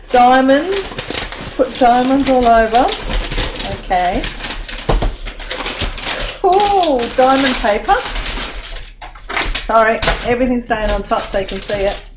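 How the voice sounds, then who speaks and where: A woman's voice: fairly high pitch, animated, takes it slowly, long pauses, background noise. A woman filming a crafting unboxing vlog, gushing and tearful with lots of oohs and wows. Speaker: crafting vlogger.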